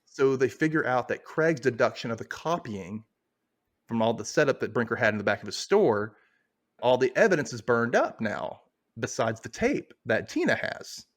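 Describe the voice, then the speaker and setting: A man's voice: mid-range voice, expressive, moderate pace. A man hosting a podcast, casually retelling a TV episode with lots of fillers and asides. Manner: loose, rambling retelling with many fillers. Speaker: podcast host recapping a TV episode. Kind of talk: casual recap chat.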